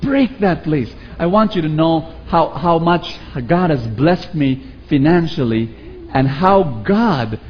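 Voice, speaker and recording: A man preaching a sermon with a Filipino accent, animated and calling on the audience to repeat after him. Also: a little high, slow pace, lo-fi sound, slight background noise. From Philippines. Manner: animated, acts out quoted voices, calls for audience response.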